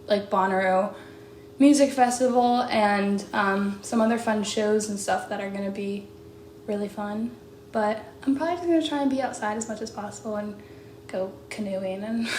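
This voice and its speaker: A woman's voice: medium pitch, a little mellow. Bubbly young woman singer in an echoey room. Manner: bubbly and chatty, many "like"s and quick laughs. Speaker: singer answering fan questions. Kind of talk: casual chat. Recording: echoey room with faint background noise.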